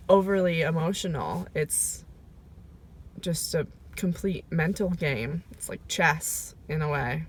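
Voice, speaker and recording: A woman recording a personal video diary, talking reflectively and emotionally, pausing often with fillers as she goes. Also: lowish voice. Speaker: vlogger. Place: sitting in her car. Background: rain.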